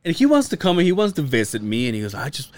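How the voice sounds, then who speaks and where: A man's voice: on the high side, racing. A man in his thirties, originally from Mexico, co-hosting a casual podcast and telling profane stories about his father, acting out the dialogue. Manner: profane, animated storytelling, acts out quotes. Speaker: podcast co-host.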